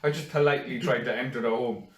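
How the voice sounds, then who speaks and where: A man's voice: mid-range voice, fast talker. A man co-hosting a casual podcast, swearing freely and acting out stories. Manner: animated storyteller, swears a lot, acts out quotes. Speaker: podcast co-host. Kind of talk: casual banter. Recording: echoey room, far from the mic.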